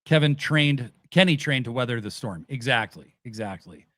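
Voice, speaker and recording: A man hosting a casual wrestling review chat, animated and swearing casually as he retells events. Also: mid-range voice, normal speed, dry recording. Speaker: podcast host.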